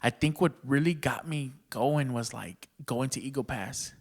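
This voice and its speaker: A man's voice: mid-range voice, unhurried. A man from Texas, a stand-up comedian, telling stories casually on a podcast in profane slang and laughing often.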